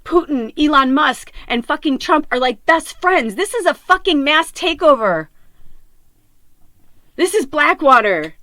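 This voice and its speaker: A woman's voice: high voice, sing-song, a little slow, sharp tone, no echo. A middle-aged woman hosting a podcast, talking in a raw, rambling, emotional monologue, tearful and often swearing. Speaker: podcast host.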